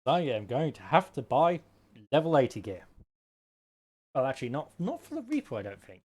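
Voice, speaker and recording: A man's voice: mid-range voice, expressive, normal speed, a little mellow. Male streamer, joking running commentary, mid-range voice. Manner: chatty and jokey, talks to himself while playing. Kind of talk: live gameplay commentary.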